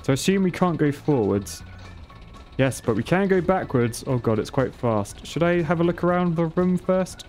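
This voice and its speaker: A man commentating his own gameplay, excitable, swearing and laughing as he goes. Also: fairly high pitch, normal speed, faint music behind. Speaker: gaming channel host.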